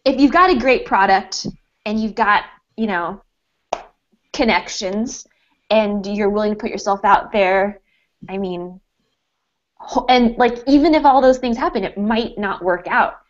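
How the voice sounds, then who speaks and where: A woman's voice: medium pitch, measured pace, highs cut off. A woman appearing as a guest author on a live web show over a video call, upbeat and chatty, with frequent fillers. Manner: upbeat and bubbly, with fillers like "I mean" and "you know". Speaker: guest author and food blogger. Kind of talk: casual chat on a live-streamed video call.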